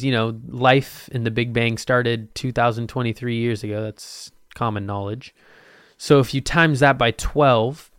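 A young man hosting a casual solo podcast, rambling and joking at his own expense, with sudden loud bursts. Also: medium pitch, clean tone, no room sound, studio quality. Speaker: podcast host.

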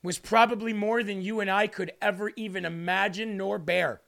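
A man's voice: high voice, steady tone, normal speed, creaky, a bit bright. A man preaching an emotional livestream sermon, pleading and repeating questions for emphasis.

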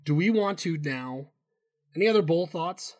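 A podcast co-host talks sports betting in an easy, rambling way, cursing freely and restarting his sentences. His voice is a touch higher than most men's, expressive and a little mellow, at a moderate pace.

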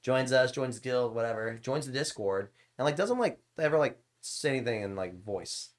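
A man's voice: medium pitch, expressive, normal speed. A young man who streams games, telling rambling stories in casual podcast chat, swearing and laughing often.

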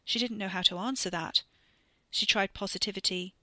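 A woman narrating a scripted story in a measured way. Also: medium pitch, sharp tone, no echo. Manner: measured, reading with acted dialogue.

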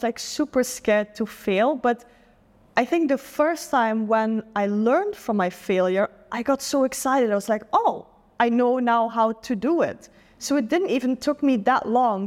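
A woman's voice: a little high, in a large hall. A young adult woman from the Netherlands with a Dutch accent, a guest in a casual interview chat who talks earnestly and reflectively, often saying "like".

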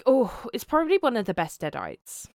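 A woman co-hosting a podcast, chatting casually, animated and laughing often. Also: a little high, normal speed, no room sound, studio quality. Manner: animated, laughing, swears freely. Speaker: podcast co-host. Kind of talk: casual chat.

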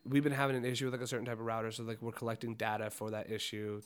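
A man's voice: mid-range voice, level tone, racing, clear, resonant tone. Rambling, profane young man telling a story. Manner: profane, rambling, full of "like" fillers. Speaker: podcast co-host. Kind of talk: casual storytelling chat.

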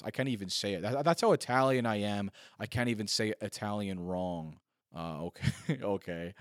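A man in his thirties tells a loose, funny story, piling up "like" and poking fun at himself. His voice sits on the low side. The sound is dry and close, with almost no room echo. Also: moderate pace. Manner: rambling, heavy on filler "like", self-mocking. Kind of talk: casual comedic storytelling monologue.

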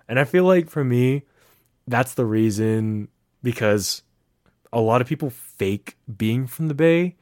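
A young man from the Bay Area co-hosts a casual podcast, his mid-pitched voice swinging widely as he tells stories. He fills his talk with "like," and the recording sounds close and dry. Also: measured pace, no room sound. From San Francisco Bay Area. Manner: animated storyteller, heavy use of "like". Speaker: podcast co-host. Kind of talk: casual chat.

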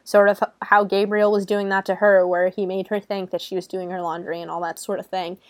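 A woman's voice: medium pitch, flat delivery, brisk, no echo. A young adult woman casually recapping a movie, irreverent and swearing, laughing often and filling her talk with "like". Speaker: movie reviewer. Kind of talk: casual spoken film recap.

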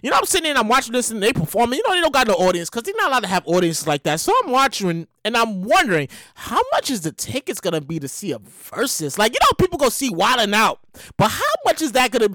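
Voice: medium pitch, fast, dry recording. A solo show host giving casual, rambling celebrity news commentary, slangy and profane, repeating lines for effect. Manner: animated, rambling, repeats lines, curses freely; slangy, conversational delivery.

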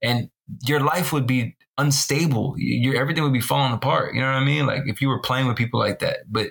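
A man co-hosting a casual podcast chat, telling stories in an animated, slangy way and laughing often. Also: mid-range voice, fast talker, vocal fry. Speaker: podcast co-host.

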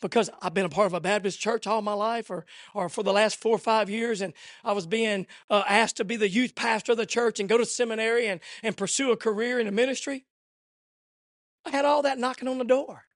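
A middle-aged man preaching an impassioned sermon, swinging between shouted fervor and hushed, intimate asides. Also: high-pitched, steady tone, fairly quick, no room sound, studio quality.

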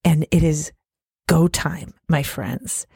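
Earnest woman podcaster, lowish dry voice. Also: steady tone, takes it slowly, vocal fry, warm tone, breathy edge, no echo. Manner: earnest and encouraging, speaks straight to the listener. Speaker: podcast host. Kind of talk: faith-based motivational podcast talk.

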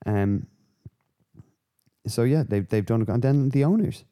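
Sweary, rambling podcast host. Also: male voice, medium pitch, unhurried, smooth. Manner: rambling, sweary, animated rants. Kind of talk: casual chat.

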